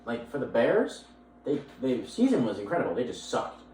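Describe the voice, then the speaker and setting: A man's voice: mid-range voice, huge pitch swings, normal speed, a little mellow. A young man co-hosting a casual sports podcast, rambling with restarts and lots of laughter. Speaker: podcast co-host. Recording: echoey room, far from the mic, faint noise.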